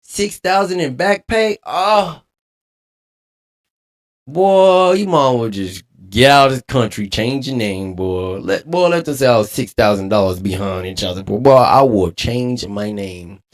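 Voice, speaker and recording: Man, streamer, animated preachy rant, laughing. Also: mid-range voice, unhurried. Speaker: streamer reacting to a clip. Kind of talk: casual reaction commentary.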